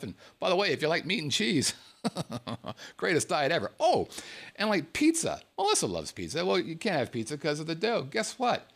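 Animated man telling a story. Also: high-pitched, normal speed. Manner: animated, swears freely, jokes at himself. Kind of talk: casual storytelling monologue.

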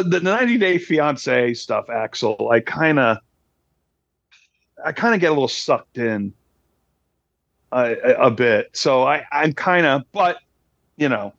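A man of middle pitch co-hosting a podcast in easy, joking chat, often playing at being indignant. His recording sounds a little dull and muffled. It is dry, with no room echo. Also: gravelly, a bit bright. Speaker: podcast co-host, actor. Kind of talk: casual chat.

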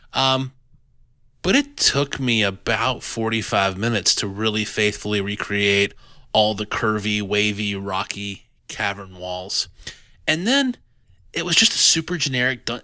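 A man hosting a casual podcast chat about a tabletop adventure, animated and self-deprecating, with many restarts. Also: on the low side, no room sound. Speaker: podcast host reviewing an adventure.

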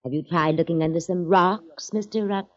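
An actress playing a catty, sharp-tongued wife in a 1940s radio drama, with a mocking, teasing manner. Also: female voice, lowish voice, normal speed, natural voice. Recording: dull old radio recording.

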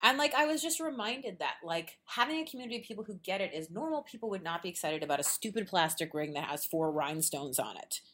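Podcast host, woman, lively chatty storyteller, voice on the low side. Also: fast, few pauses. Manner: animated storyteller, acts out quotes, laughs often. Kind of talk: casual chat. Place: at a quilt show.

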